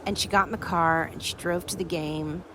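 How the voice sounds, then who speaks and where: Brief: a lower-voiced woman host, chatty storyteller, with faint background noise. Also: normal speed. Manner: chatty, animated, addresses listeners directly. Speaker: host of a recovery support show. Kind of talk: storytelling to an audience.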